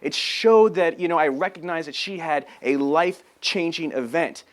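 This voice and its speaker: Animated male sales trainer. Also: fairly high pitch, normal speed. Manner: animated storyteller, acts out phone calls. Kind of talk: energetic sales training talk. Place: on camera.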